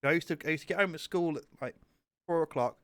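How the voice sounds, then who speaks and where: A man's voice: fairly high pitch, fast talker, fairly bright tone, no echo, studio quality. A young British man co-hosting a casual podcast chat, telling rambling stories with fillers and swearing. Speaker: podcast co-host.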